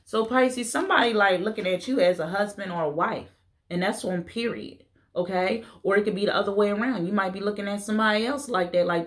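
A woman's voice: medium pitch, fairly quick. Woman, tarot reader, casual and blunt, playful, cusses freely.

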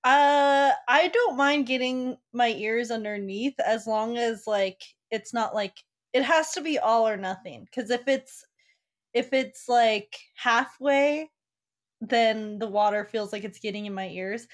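A woman's voice: fairly high pitch, unhurried. A woman playing along in an improvised story game, rambling casually with lots of filler words. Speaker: player.

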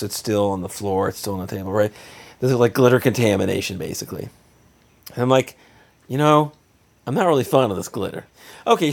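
Brief: man, 30s, casual story, exasperated and joking, mid-pitched, animated. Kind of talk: casual anecdote.

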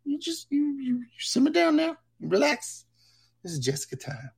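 A man voicing a brash, campy woman producer in a high put-on voice, teasing the chat on a livestream. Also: wildly swooping pitch, normal speed, vocal fry, a little mellow, heavily acted. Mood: campy sassy. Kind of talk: livestream character bit.

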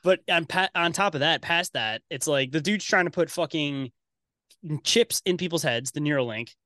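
Guy ranting on a podcast, swears a lot, kinda high voice, dry mic. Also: normal speed, bright, forceful tone, no room sound. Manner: blunt, profane, conspiratorial. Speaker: podcast guest. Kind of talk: casual podcast conversation.

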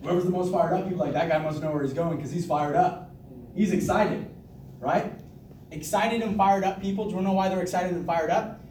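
A high-pitched man pumps up his team with a hyped, repetitive motivational talk and laughs often. He stands a little way from the mic, and his voice echoes around the room. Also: a little fast, darkish tone, far from the mic, a little hiss or hum. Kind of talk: motivational speech to a group.

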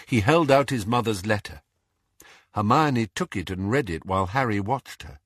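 A man reading a novel aloud as an audiobook, telling it expressively and slowing or speeding up for tension. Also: on the low side, no room sound, clean studio sound. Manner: expressive storytelling, shifting pace for tension. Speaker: audiobook reader. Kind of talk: audiobook narration.

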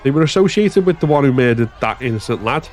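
A man's voice: medium pitch, animated, fast talker, a little mellow, some chatter behind, pitched above the performer's own voice, lightly acted. A man doing a snarling, cornered site foreman. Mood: defensive. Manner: snarling, insistent.

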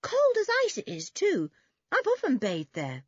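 A cheeky, boastful boy talks in a raised, lively and slightly breathy voice, put on by a woman. The recording is dry and a little dull. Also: high-pitched, measured pace, no echo, pitched above the performer's own voice, full character voice. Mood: eager. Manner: lively, bragging.

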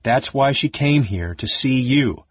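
A man's voice: medium pitch, lively intonation, a little slow, no room sound, voice pushed up. A man voicing a fierce young woman who speaks grimly and gives commands. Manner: grim, commanding, exasperated. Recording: muffled lo-fi recording.

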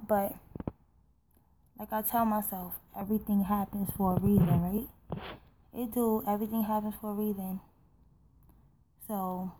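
Earnest young woman, dark-toned and flat. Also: mid-range voice, a little hiss or hum, poor audio. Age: young adult. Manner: earnest, heartfelt, rambling with many fillers. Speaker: podcast host. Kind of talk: personal solo podcast talk.

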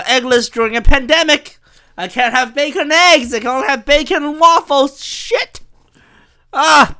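A man rambling alone into a podcast mic, swearing freely and breaking into shouts. His voice is bright and smooth, and it leaps all over the place in pitch. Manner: animated, profane, bursts into shouting. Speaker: podcast host and stand-up comic.

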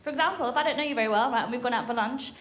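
Brash high-voiced comedian woman. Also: very fast, a bit bright. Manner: brash, punchy, swears freely. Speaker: stand-up comedian. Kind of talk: stand-up routine. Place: comedy club stage with audience. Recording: live stage recording with audience noise.

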